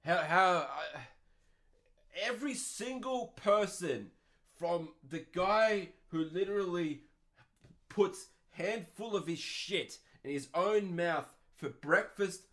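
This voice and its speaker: A man in his twenties with an Australian accent, ranting on his podcast. His voice sits a little higher than most men's, and he swears freely in an exasperated, sarcastic tone. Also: a bit bright. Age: 20s. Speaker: podcast host.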